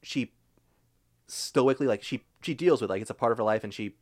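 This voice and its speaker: A man's voice: mid-range voice, fairly quick. A young man hosting a casual movie podcast, talking enthusiastically and swearing freely. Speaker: podcast host. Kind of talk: casual chat.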